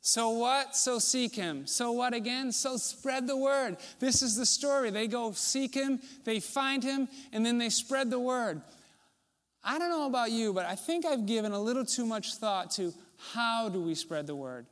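High-voiced pastor preaching in a reverberant hall. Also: male voice, measured pace. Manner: conversational preaching, rhetorical questions, drops to soft low tones. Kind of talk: sermon.

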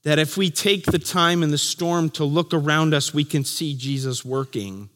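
A man preaching a sermon as pastor, telling the story vividly and dropping to a hush for key lines. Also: on the high side, moderate pace, big-room sound.

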